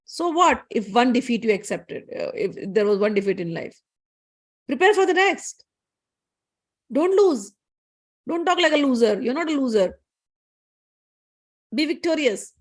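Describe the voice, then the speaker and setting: A woman's voice: mid-range voice, big pitch swings, normal speed. A woman doing a stern, rousing mother goddess. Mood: scolding, rousing. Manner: scolding, rousing exhortation. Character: loving but stern divine mother goddess.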